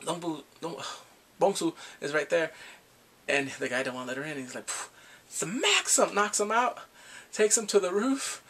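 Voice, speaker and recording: A man chatting through a drama recap with a lot of energy, his voice sitting a bit high and swinging all over. There's a gravelly, husky edge to it, and he laughs often as he acts out the characters' lines. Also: animated, normal speed, bright, forceful tone. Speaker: drama reviewer. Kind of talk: casual episode recap.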